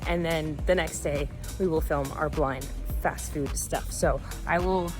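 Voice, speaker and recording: A woman's voice: sits low, steady tone, unhurried, music in the background. A woman hosting a casual vlog, chatty, laughing and swearing a little. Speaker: video host.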